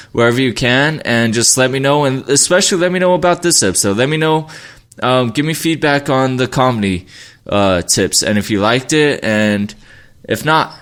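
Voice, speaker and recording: A young man talks through his solo podcast in loose, unscripted chat. He rambles, swears freely and restarts his sentences often, at a middling pitch. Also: fairly bright tone, clear, resonant tone. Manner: rambling and profane, with many restarts. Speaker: podcast host.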